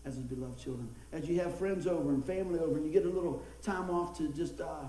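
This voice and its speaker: A man's voice: a little high, fast talker. A middle-aged man preaching a sermon, telling folksy stories and laughing along the way. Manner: folksy storytelling, laughing, animated. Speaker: pastor. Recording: echoey room, mic at a distance.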